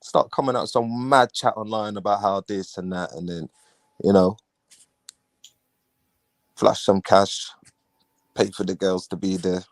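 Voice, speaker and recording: Deep-voiced man, slangy and mocking. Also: fairly even intonation, measured pace, pauses often, dry recording. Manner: laid-back, mocking, slangy, often acts out what others say. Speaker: host of a live talk stream. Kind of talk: casual chat.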